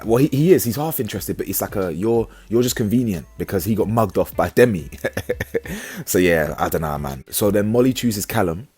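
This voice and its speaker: A man giving a casual, slangy reality show review, animated and full of restarts. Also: on the low side, breathy edge. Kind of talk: casual commentary.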